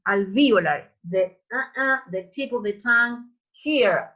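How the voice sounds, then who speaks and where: A woman teaches English pronunciation over an online call, saying words again and again so students can copy them. Her voice sits at an everyday pitch. The sound is dull and lo-fi. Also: lively intonation, fairly bright tone, slightly rough. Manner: drills sounds slowly, repeating words, calls students babies.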